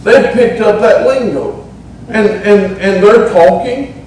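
A middle-aged pastor with a Southern Appalachian accent preaches a folksy, humorous sermon in a church sanctuary, drawing out words for emphasis. His voice is high-pitched, slow and darkish, and the echoey recording, made with a distant mic, carries a little hiss or hum.

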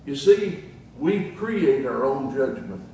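A man's voice: medium pitch, animated, takes it slowly, darkish tone, heavy reverb, recorded from a distance, a little hiss or hum, rough recording. An older man preaching a sermon in a folksy way, chuckling at his own jokes between scripture quotes.

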